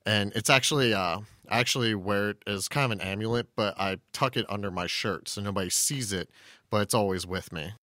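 A man's voice: on the low side, a little fast, bright, forceful tone, no room sound, studio quality. A man playing a tabletop role-playing game, describing his character's actions casually as he thinks aloud. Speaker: player.

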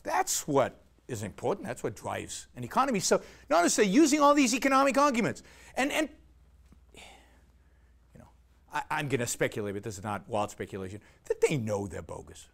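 A man's voice: on the high side, creaky. A man giving an argumentative lecture, emphatic and sarcastic, peppering his points with rhetorical questions and "right?".

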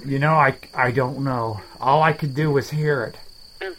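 A man voicing a rambling, self-deprecating alligator in a swamp, talking in halting starts in a comedy dialogue. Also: mid-range voice, fairly bright tone, lightly acted, low-quality recording. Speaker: main character of a comedy podcast.

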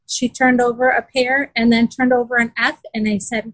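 A woman's voice: a little high, little pitch movement, moderate pace, dry recording, rough recording. A woman in a casual interview, earnestly telling how her daughter struggled, with many fillers and restarts. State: close to tears. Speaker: parent describing her daughter's learning.

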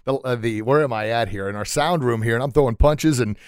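A man hosting a podcast interview in a small sound room, excitable and quick to laugh, often stumbling over his words. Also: mid-range voice, clean tone, dry recording, studio quality. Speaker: podcast host. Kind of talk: casual chat.

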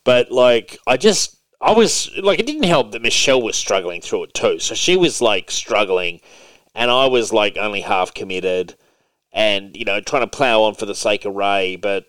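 A man's voice: fairly low pitch, expressive, normal speed, a bit bright, dry recording. A man hosting a podcast who chats casually and bluntly, teasing his co-host. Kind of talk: casual chat.

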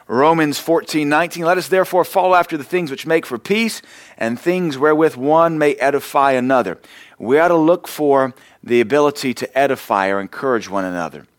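A man's voice: medium pitch, no room sound, studio quality. A middle-aged man preaching a sermon as pastor, emphatic, quoting scripture.

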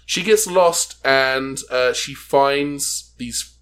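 A man's voice: mid-range voice, very slow, fairly bright tone. A man co-hosting a podcast, giving a sarcastic, rambling review of a film in casual chat. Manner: wry, sarcastic, rambling with restarts. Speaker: podcast co-host.

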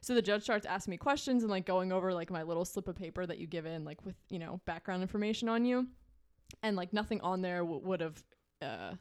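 A woman's voice: on the low side, lively intonation, quick pace, a little mellow, clean tone. A young woman co-hosting a podcast, telling a story in a casual chat with many fillers and frequent laughs. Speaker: podcast co-host.

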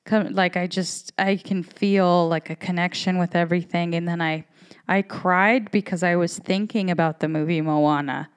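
A woman in her thirties hosts a podcast in a casual monologue, her voice fairly low, steady, clear and resonant at a moderate pace. She talks candidly and profanely, rambling as she goes.

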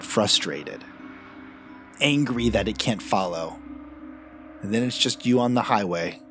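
Man narrating a horror tabletop game. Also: lowish voice. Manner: dramatic, measured storytelling. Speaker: game master.

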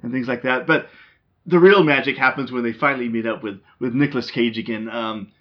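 A man's voice: medium pitch, fairly quick. A man hosting a casual movie chat, rambling with lots of ums and restarts. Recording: dull lo-fi sound.

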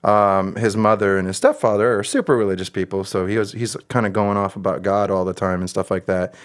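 A man's voice: fairly low pitch, steady tone, fairly quick. A man chatting casually over a video call, telling rambling family stories with lots of laughter and restarts. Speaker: podcast co-host, father. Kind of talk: casual storytelling chat.

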